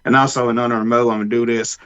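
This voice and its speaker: A man's voice: mid-range voice, level tone, racing, a bit bright, clear, resonant tone, lo-fi sound. A man co-hosting a podcast, rambling loosely with frequent restarts. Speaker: podcast co-host. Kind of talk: casual chat.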